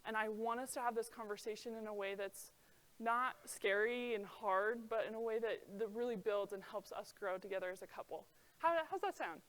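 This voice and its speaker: A young woman with a slightly high voice gives an earnest talk to young listeners. She speaks chattily, with plenty of "like" fillers, and she brings energy to her stories. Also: fairly quick. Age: young adult. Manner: earnest, chatty, many "like" fillers, lively storytelling. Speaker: presenter. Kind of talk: motivational talk to a young audience.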